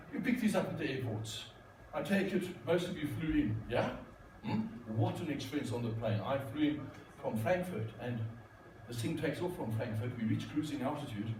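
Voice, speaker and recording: His voice is on the high side with a darkish tone, and there's a little hiss or hum. He's a corporate speaker and magician giving a joking keynote with magic tricks, playfully teasing the crowd he talks to. A far-off mic captures the echo of the large conference hall.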